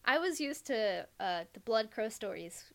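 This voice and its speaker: A woman's voice: a little high, animated, unhurried, vocal fry, fairly bright tone. A woman hosting a podcast, chatting casually and chuckling after her remarks. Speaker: podcast host. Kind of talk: casual chat.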